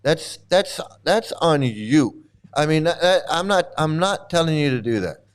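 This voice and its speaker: A man's voice: fairly high pitch, lively intonation, measured pace, a little hiss or hum. A man hosting a casual livestream chat, rambling and stammering, laughing often and mocking. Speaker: channel host.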